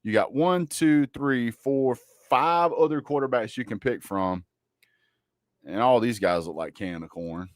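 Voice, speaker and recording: A man hosts a casual college football livestream, joking and bluntly trash-talking teams and players in a Southern drawl. His voice is medium-pitched and a little slow, recorded in studio quality with no room sound.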